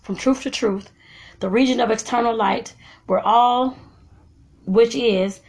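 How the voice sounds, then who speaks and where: A woman, a podcast host reading a self-help book aloud in a slow, deliberate way, with folksy, chatty asides to listeners. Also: fairly high pitch, a little mellow.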